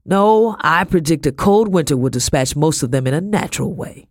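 A man's voice: fairly high pitch, lively intonation, moderate pace, dry recording, studio quality. A man voicing a blunt, scornful British army officer in an audiobook. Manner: scornful, brusque.

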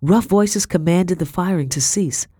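A woman narrating a first-person historical novel as an audiobook, with expressive, steady storytelling on a close studio mic. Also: lowish voice, measured pace, breathy edge, no echo.

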